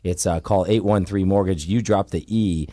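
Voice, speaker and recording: A man's voice: low-pitched, steady tone, normal speed, mellow, dry recording. A man who runs a mortgage company, speaking as a guest in a radio studio in an easygoing way, often repeating words as he starts. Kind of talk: casual radio interview.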